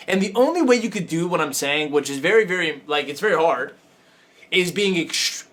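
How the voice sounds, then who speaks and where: A man's voice: fairly high pitch, animated, moderate pace, a bit bright. A man hosting a coaching talk show, speaking casually and emphatically, repeating himself for effect and swearing freely. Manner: emphatic, repetitive, profane, laughing asides.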